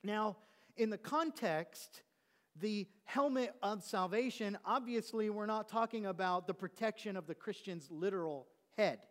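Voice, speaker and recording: A male pastor with a notably high voice delivers a sermon to his congregation. He teaches by asking questions and drawing out important words slowly. The sound carries a long reverb, as in a church sanctuary. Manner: stresses key words slowly.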